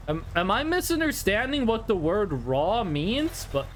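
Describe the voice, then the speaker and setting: A man's voice: high-pitched, big pitch swings, unhurried, hardly any pauses, a little hiss or hum. A young Norwegian man with a Norwegian accent, chatting casually and jokily with his chat while streaming a game. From Norway. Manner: rambling, chatty, answers chat, jokey.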